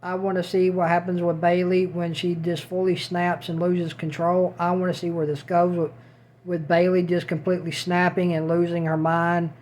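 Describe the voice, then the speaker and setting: A man's voice: high voice, little pitch movement, moderate pace, darkish tone. A man giving a casual spoken recap as a show reviewer, repeating himself and circling back over the same points. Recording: dull lo-fi audio.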